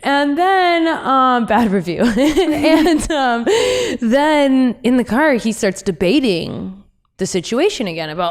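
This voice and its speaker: A young woman hosting a podcast, telling stories in a candid, animated way with laughs and asides. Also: medium pitch, moderate pace, clear, resonant tone. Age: young adult. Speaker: podcast host. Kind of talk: casual podcast chat.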